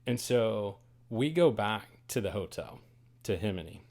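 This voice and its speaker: A man hosting a podcast, telling a story in a casual, animated and dramatic way. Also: fairly low pitch, a little slow. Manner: animated, dramatic, swings to loud bursts on quoted lines. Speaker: podcast host. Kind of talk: casual first-person storytelling.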